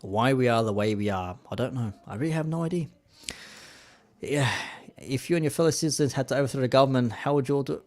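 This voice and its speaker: Man, Australian accent, thirties, live-stream host, casual rambling chat, slangy, average pitch. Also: fast talker, darkish tone. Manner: laid-back and chatty, drops slang like "man".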